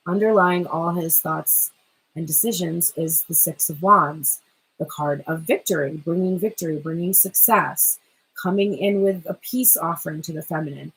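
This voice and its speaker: Husky, low-voiced woman reading tarot. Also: unhurried, low-quality recording. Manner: chatty, rambling, swears casually, laughs often. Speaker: tarot reader.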